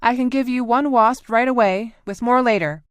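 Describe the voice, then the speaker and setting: A woman reading the part of a businesslike female military specialist who speaks crisply. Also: fairly high pitch, normal speed, dry recording, studio quality, voice pushed up, natural voice.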